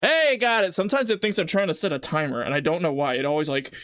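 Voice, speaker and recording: Cooking at home on a live stream, this person chats and rambles, teary from chopping an onion and joking at their own expense. Their mid-range voice moves fast and has a fairly bright tone.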